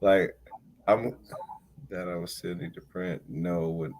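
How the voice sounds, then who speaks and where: A man's voice: low-pitched, slow, poor audio. A man in his forties, hosting a podcast and telling stories in casual chat, laughing often and acting out the people he talks to. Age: 40s. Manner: animated storytelling, laughs often, acts out callers. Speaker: podcast host.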